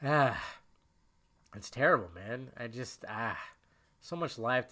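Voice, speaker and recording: A man's voice: medium pitch, animated, slow pace, long pauses, bright, forceful tone. A young man hosting a casual solo podcast, rambling and emotional, cursing often as he talks. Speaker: podcast host.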